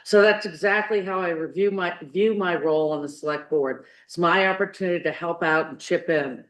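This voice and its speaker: A man's voice: a little high, a little fast, a bit bright. Earnest man in an echoey hall. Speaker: select board candidate. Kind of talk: prepared campaign speech. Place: town meeting hall. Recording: echoey meeting room.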